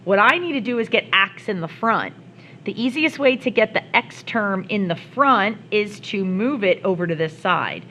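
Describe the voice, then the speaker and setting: A woman's voice: mid-range voice, lively intonation, normal speed, pushed and bright, a little hiss or hum, poor audio. A woman math teacher explaining worked examples step by step, with playful asides. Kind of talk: recorded classroom lesson.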